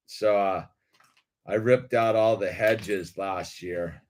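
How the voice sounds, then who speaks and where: A man's voice: sits low, steady tone, takes it slowly, a little hiss or hum. A middle-aged man telling a rambling story in laid-back slang, calling everyone dude and laughing often. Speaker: video creator.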